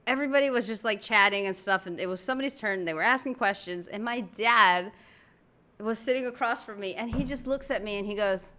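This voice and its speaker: A woman talks with a bright, forceful tone, animated and full of casual slang. She tells stories to the camera as a reaction host in a relaxed, chatty way. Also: on the high side, brisk, clear, resonant tone. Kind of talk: casual chat.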